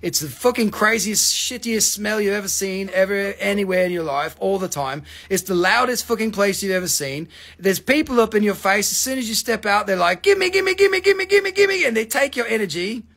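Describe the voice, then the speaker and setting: A man's voice: high voice, a little fast, hardly any pauses, sharp tone. A man hosting a live mineral sale, chatting casually with lots of swearing and rambling jokes. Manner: profane, rambling, joking. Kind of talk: casual live-stream selling chat.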